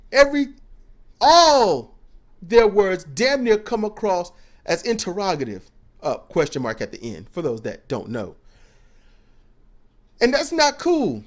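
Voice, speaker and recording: A man's voice: high voice, very animated, a little slow. A man giving blunt, preachy casual commentary as a show co-host, swearing freely as he talks.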